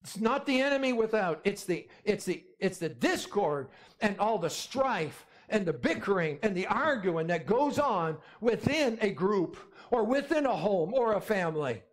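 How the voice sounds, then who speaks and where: A man preaching a sermon as pastor speaks with a high-sitting, very animated voice at a moderate pace. He is emphatic and repetitive, often calling out for amens.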